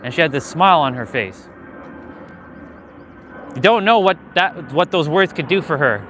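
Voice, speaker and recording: A man's voice: fairly high pitch, expressive, moderate pace, a bit bright, soft background music. A man live-streaming outdoors as he walks with a gimbal camera, talking candidly, with frequent swearing, in a motivational way. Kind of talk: casual live-stream talk while walking. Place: outdoors, walking. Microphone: handheld gimbal camera.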